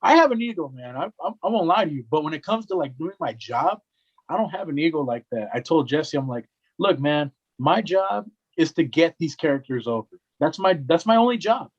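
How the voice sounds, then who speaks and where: A man's voice: fairly high pitch, brisk, dull audio. A young man, a wrestling commentator, telling a story in a casual podcast chat and acting out the voices of the people in it. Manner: animated, acts out quoted voices, lots of "right?" and "man".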